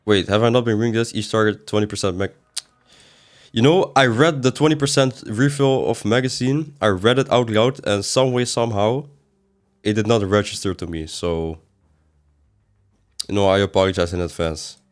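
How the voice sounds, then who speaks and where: A man with a fairly low voice talks through a game livestream. He reads his chat aloud and answers it, rambling casually between sudden exasperated outbursts. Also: moderate pace. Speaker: game streamer.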